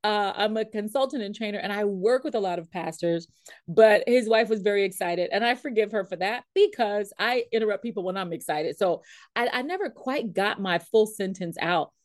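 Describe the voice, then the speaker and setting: An animated woman coach tells a story in a lively, expressive way, laughing often. She speaks at an ordinary pitch and is recorded dry and close, with almost no room sound. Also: normal speed, dry recording. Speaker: leadership coach, consultant and trainer.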